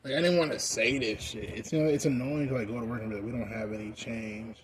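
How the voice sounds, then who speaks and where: A young American man rambling casually while high, full of fillers and swearing. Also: fast talker. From United States. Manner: rambling, heavy on "like" fillers, profane. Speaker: vlogger. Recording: noisy background.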